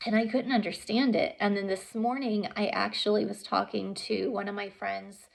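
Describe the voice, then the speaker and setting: A young woman talking earnestly and haltingly about her own experience, with many pauses and fillers and some softly whispered words. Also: mid-range voice, fairly even intonation, gravelly. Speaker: vlogger sharing her story. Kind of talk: emotional personal storytelling.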